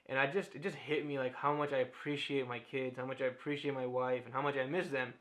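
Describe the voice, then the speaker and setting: A man's voice: mid-range voice, steady tone, quick pace, few pauses, a bit bright. A man in his thirties vlogging candidly to camera, open and reflective, often laughing and using fillers. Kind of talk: candid personal vlog talk.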